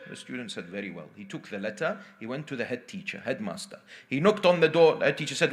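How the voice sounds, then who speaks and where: A male preacher giving a sermon, telling a story with dramatic dips into hushed tones and asking the congregation questions. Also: medium pitch, sing-song, fast, faint music behind.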